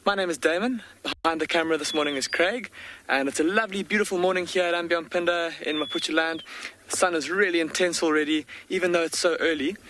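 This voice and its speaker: A man safari guide opening a live game drive, speaking in a friendly, measured presenting voice outdoors in a reserve. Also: fairly high pitch. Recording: noisy outdoor broadcast.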